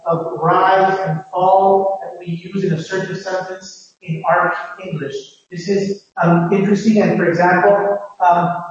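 A man lectures in a halting, explanatory way, often restarting sentences. His voice sits high. The sound is dull and distant, with a long echo from a big hall. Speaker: phonetics lecturer. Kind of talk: classroom lecture.

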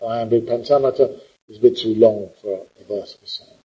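A man lectures his class on poetry with a husky, rough-edged voice. He is animated and teasing, full of sarcastic asides. The recording is dull and lo-fi. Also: on the low side, a little fast. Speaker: literature lecturer.

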